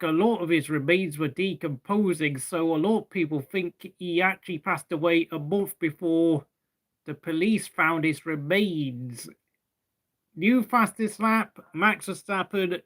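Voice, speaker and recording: A man's voice: on the high side, a bit bright. A young man hosting a live race watchalong, chatting casually and rambling to fill the gaps between race updates. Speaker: watchalong host.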